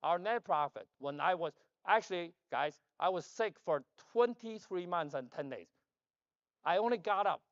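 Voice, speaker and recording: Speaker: man, loud and rambling at the podium, joking, dull and dry sound. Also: high-pitched, lively intonation, moderate pace, no echo. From China. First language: Chinese. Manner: loud, emphatic, joking asides. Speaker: conference speaker. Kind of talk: rambling conference talk. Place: conference hall stage.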